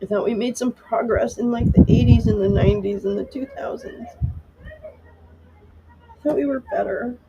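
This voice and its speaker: A woman's voice: fairly high pitch, very animated, normal speed, pauses often, highs cut off, noisy background. A middle-aged woman hosting a live stream, talking in an emotional, rambling and profane way because she is upset.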